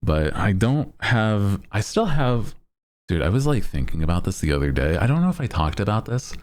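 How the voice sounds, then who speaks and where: A man's voice: fairly low pitch, very animated, normal speed, darkish tone. A man streaming and chatting casually with his viewers in a playful, self-mocking way, laughing often. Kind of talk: casual chat.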